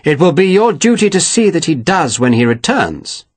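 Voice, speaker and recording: A man's voice: on the high side, sing-song, moderate pace, no room sound, voice pushed up. A man voicing a genial, evasive colonel who speaks in a grand, placating way.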